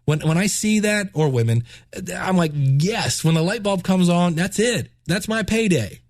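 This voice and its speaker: A man hosting a casual podcast, his voice stuffed up and congested, talking with excitement and often repeating words. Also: high-pitched, normal speed, no room sound, studio quality. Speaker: podcast host and teacher. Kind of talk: casual solo podcast talk.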